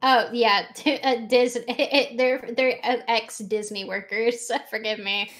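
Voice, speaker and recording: A woman's voice: on the high side, steady tone, slow pace, fairly bright tone. A woman streamer chatting casually during a watchalong, giggling often and swearing freely.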